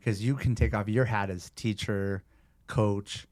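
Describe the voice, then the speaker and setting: A man in his thirties, a personal trainer and guest, telling stories in a casual, animated way. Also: fairly low pitch, unhurried. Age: 30s. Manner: animated, conversational storyteller. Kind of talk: casual storytelling interview.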